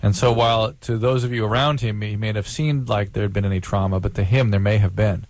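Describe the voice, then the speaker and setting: A man who is a doctor hosting a call-in radio show, measured and explanatory as he answers a caller. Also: on the low side, steady tone, darkish tone, dry recording.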